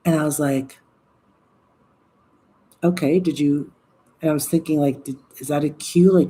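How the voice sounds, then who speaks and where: A woman's voice: on the low side, dark tone. A woman in her sixties hosting a live stream, chatting casually and rambling, with some swearing and asides to viewer comments. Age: 60s. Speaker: livestream host.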